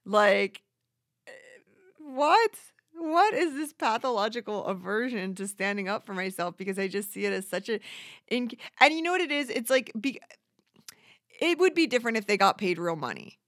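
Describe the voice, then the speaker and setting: A woman's voice: mid-range voice, sing-song, normal speed, fairly bright tone, no room sound. A woman rants casually, swearing freely and rambling from one grievance to the next. Her voice sits mid-range and close, with a dry sound and no room around it. She is self-deprecating and slips into little acted voices of other people. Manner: acts out quoted voices. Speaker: monologuist. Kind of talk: casual rant.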